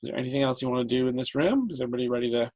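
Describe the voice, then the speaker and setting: A man narrating as game master for a tabletop game, explaining rules in a relaxed way and laughing often. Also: medium pitch, racing, low-quality recording.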